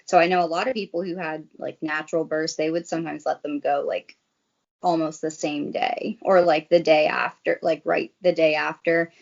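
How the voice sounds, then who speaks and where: A young woman with a low, steady, creaky voice speaks at a moderate pace as a guest on a casual chat show, telling a personal story full of "like"s. She becomes briefly tearful, and the recording has a dull lo-fi quality.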